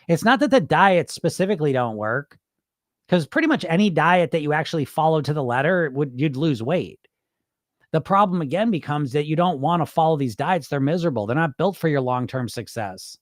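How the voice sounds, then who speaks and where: On a weight loss live stream, a man with a slightly high voice and moderate pace reads viewers' comments and answers them bluntly. The sound is studio quality with no echo. Animated and swearing freely, he acts out the things dieters tell themselves in casual live-stream talk.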